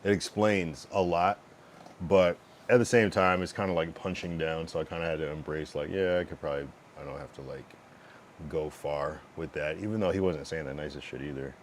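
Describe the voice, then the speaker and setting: A man with a very deep, low voice talks loosely to his stream chat. He rambles with plenty of fillers and curses bluntly, and he breaks off to fiddle with his streaming setup. A faint hiss sits under the recording. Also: steady tone, fairly quick. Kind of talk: casual livestream chat.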